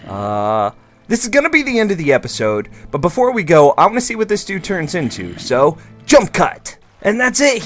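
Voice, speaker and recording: A man's voice: mid-range voice, no echo. Bubbly young man gushing over a game. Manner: bubbly, gushing, swinging between squeals and mumbles. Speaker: gaming video host. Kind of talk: excited Minecraft let's play commentary.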